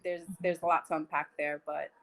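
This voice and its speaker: A woman in her twenties, a teacher, appearing as a guest on a podcast over a video call. Her voice sits a bit low, and she speaks in an earnest, thoughtful way. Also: flat delivery, brisk, vocal fry, fairly bright tone, poor audio. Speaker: high school teacher guest. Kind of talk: casual podcast conversation.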